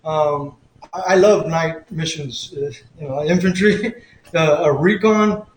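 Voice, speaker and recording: A man's voice: a little high, measured pace, roomy sound, low-quality recording. A man casually chatting on a live stream, telling loose, profane stories with lots of laughs and fillers. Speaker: boxing coach live-streaming a fight commentary.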